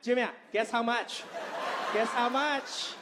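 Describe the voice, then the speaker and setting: A man's voice: very high-pitched, fairly even intonation, slow pace, noisy background. A man doing his pushy bargain-bragging mom. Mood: teasing. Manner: insistent, repeats questions, sing-song. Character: bargain-proud immigrant mother, older woman, pushy. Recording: live club set with laughing audience.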